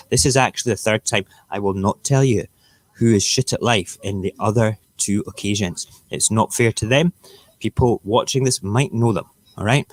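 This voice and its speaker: A man's voice: mid-range voice, no echo. A Scottish man hosting a live morning talk stream, ranting bluntly and swearing freely. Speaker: live show host.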